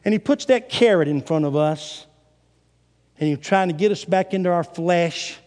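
Male preacher, dramatic sermon delivery, high animated voice, long church reverb. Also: moderate pace. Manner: animated, dramatic scripture retelling.

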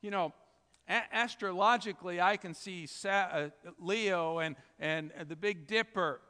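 Eager show-off sidekick, earnest and pompous, put on by a male preacher, crisp tone. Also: sits high, a little slow, sharp tone. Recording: reverberant hall.

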